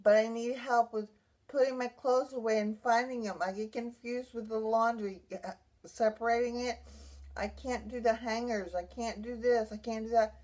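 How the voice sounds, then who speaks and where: A woman's voice: a little high, fairly even intonation, moderate pace, darkish tone. A woman who survived a brain injury, telling her own story in an emotional, rambling way, with many restarts. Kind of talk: personal vlog monologue.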